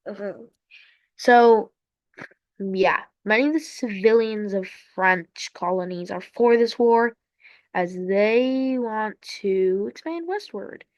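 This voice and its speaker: A woman with a mid-range voice speaks slowly, with no room sound, on a dull lo-fi recording. She gives casual, rambling commentary on a strategy game, tossing in playful asides and sound effects.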